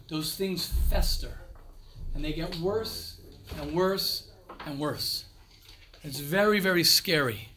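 A man's voice: fairly high pitch, sharp tone, a little hiss or hum. A man giving an informal, emphatic talk to yeshiva students, repeating phrases and mixing in Hebrew and Yiddish words.

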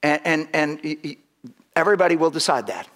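A male pastor preaching with a high, lively voice that swoops up and down. He acts out little voices and laughs often. His sentences stop and restart as he works up to a point. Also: brisk. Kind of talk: sermon.

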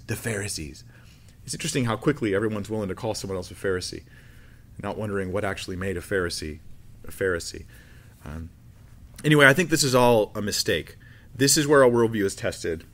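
Joking, conversational male Bible teacher. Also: medium pitch. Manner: conversational, joking, frequent restarts. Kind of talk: casual teaching talk.

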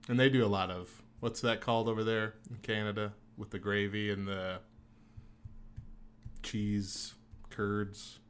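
A man's voice: on the low side, steady tone, slow, long pauses, a bit bright, smooth. A man hosting a casual morning show, reading off news bits with jokes and frequent laughs. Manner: joking, laughs often. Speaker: host.

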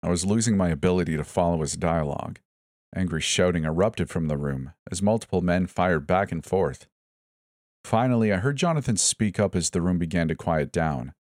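A man's voice: low voice, normal speed, a little mellow, dry recording, clean studio sound. A man reading a first-person horror story aloud, tense and suspenseful, giving each character his own voice. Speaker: narrator. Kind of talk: scripted horror story narration.

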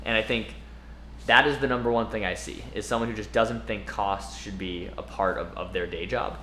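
Man, co-host, lower voice, conversational, explanatory, roomy sound, faint hiss. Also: fairly even intonation, moderate pace, sharp tone. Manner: conversational, explains from experience with asides. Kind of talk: casual podcast chat. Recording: roomy with faint background noise.

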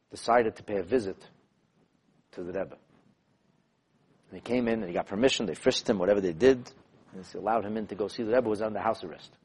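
A man who is a rabbi teaching a class, telling stories in an animated, emphatic way and repeating phrases to drive points home. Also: fairly low pitch, husky. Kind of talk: lecture with storytelling.

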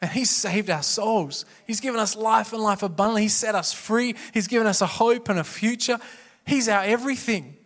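A pastor preaching a sermon in a church, passionate and emphatic, with repeated refrains. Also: male voice, sits high, moderate pace, a bit bright. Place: church auditorium. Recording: echoey hall reverb.

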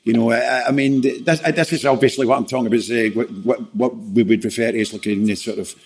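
A man's voice: mid-range voice, fairly even intonation, fast, breathy edge. A man talking as a guest in a casual interview, rambling with lots of "you know" and restarts.

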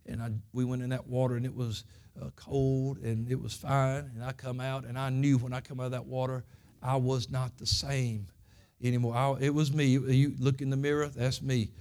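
A man's voice: mid-range voice, level tone, normal speed, a little mellow. A man preaching a Sunday school lesson, telling his own testimony in folksy, earnest, plain country speech. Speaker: pastor.

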